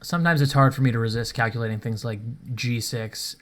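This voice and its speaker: A man's voice: medium pitch, a little fast. A man casually commenting on his own chess game, thinking aloud and chuckling at himself, recorded at home in his apartment. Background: faint rain noise.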